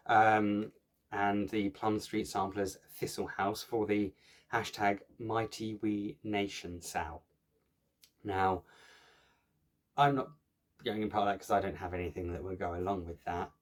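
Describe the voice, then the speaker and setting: A man chatting casually to camera as a cross-stitch vlogger, joking at his own expense and filling gaps with lots of ums and restarts. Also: fairly low pitch. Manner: chatty, jokey, self-mocking, many fillers.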